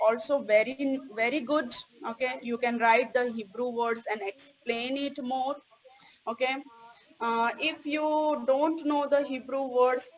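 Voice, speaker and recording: A woman's voice: high-pitched, low-quality recording. A woman giving a recorded theology course lecture, stressing key words and checking in with "okay?" after each point.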